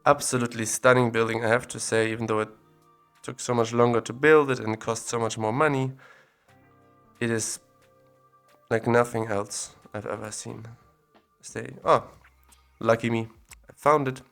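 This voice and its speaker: A man with a mid-range voice explores map locations at a moderate pace, stopping frequently as he thinks out loud. He keeps it relaxed and chatty over soft background music, using a separate recorder for the audio.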